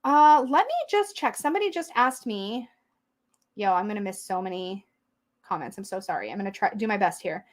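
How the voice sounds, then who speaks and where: A young woman hosting a casual livestream, chatty and excitable, reading out viewer comments as she goes. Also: mid-range voice, a little fast. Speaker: tarot livestream host.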